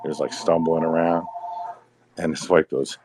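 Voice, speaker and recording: A man's voice: a bass voice, fairly even intonation, moderate pace, background noise. A middle-aged man in casual podcast chat, rambling, repeating words and sighing between thoughts.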